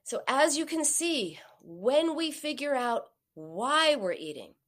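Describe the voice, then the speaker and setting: A woman's voice: sits high, big pitch swings, slow pace, a bit bright. A woman giving a coaching talk to an audience, acting out the quoted voices. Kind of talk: motivational talk on binge eating.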